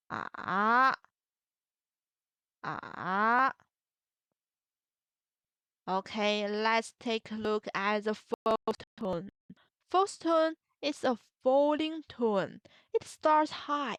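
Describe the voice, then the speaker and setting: Slow, patient woman teaching tones. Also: a little high, dry recording, studio quality. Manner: repeats phrases slowly, models tones with drawn-out vowels. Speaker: Mandarin teacher. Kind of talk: slow, patient language lesson.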